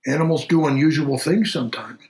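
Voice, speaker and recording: An actor playing a middle-aged country doctor who tells a strange story in an unhurried, halting way, full of pauses and fillers. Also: male voice, on the high side, gravelly, a little mellow, echoey room. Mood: steady recounting. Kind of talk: audio drama acting.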